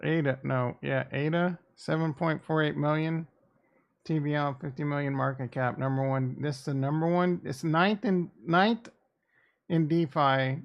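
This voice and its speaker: A crypto streamer talks casually on his live stream, muttering blunt, sarcastic, profane remarks to himself into a desk mic. His voice sits on the high side with fairly even intonation and an unhurried pace, and the recording's highs are cut off.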